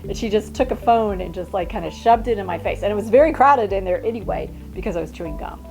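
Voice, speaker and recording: An older woman and mother telling travel stories in a chatty, animated way, with many restarts. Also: medium pitch, fast, gravelly, faint music behind. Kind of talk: casual storytelling.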